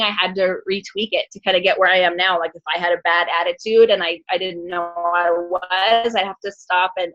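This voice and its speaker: A woman's voice: lowish voice, a bit bright. Hesitant woman guest, muffled lo-fi video call sound. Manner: hesitant, lots of ums and restarts. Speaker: guest coach. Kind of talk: casual interview answer.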